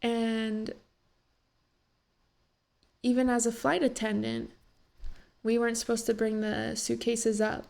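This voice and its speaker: A young woman rambles through a casual reaction vlog, her voice gravelly with fry. She is still teary after crying and fills her talk with "like.". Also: a little high, flat delivery, takes it slowly, pauses often, darkish tone. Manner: emotional, rambling, many "like" fillers. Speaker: vlogger reacting to a talk show.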